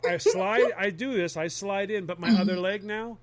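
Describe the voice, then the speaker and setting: Animated high-voiced man telling a story. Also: normal speed, over a noisy crowd. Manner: animated, laughing through the story. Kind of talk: casual comedic storytelling.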